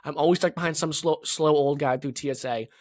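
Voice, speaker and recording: Fast-talking man on a dry mic. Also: on the high side, no echo. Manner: grumbling rants, blunt picks. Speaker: podcast co-host. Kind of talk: casual sports chat.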